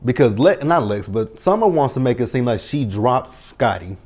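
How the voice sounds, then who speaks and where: A man's voice: mid-range voice, very animated, moderate pace, darkish tone. A man in his thirties giving a casual reality TV recap, blunt and profane, speaking straight to the cast members and stressing his words. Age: 30s.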